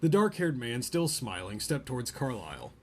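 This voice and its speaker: A man reading a novel chapter aloud in a relaxed way, stopping now and then to joke about the story. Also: medium pitch, moderate pace, a little hiss or hum. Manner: reads a novel aloud, breaks off for joking asides. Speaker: podcast host reading aloud. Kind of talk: casual read-aloud with asides.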